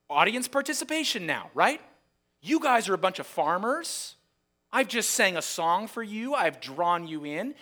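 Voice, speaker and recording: A man preaching a sermon, reading scripture aloud dramatically and acting out the voices of a shouting crowd. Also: high-pitched, very animated, a little slow. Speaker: pastor.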